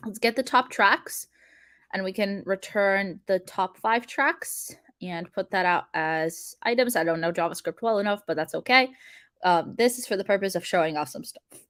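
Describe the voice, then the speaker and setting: A woman's voice: medium pitch, normal speed, fairly bright tone, no echo, studio quality. Chatty young woman hosting a coding stream. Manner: chatty, filler-heavy, laughs often. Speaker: livestream coding host. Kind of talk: casual livestream chat while coding.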